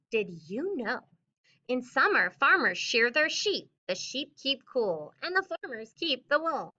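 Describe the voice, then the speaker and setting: A woman teacher reading a picture book aloud to children with expressive storybook delivery, then talking through the lesson. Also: high voice, measured pace, dull audio.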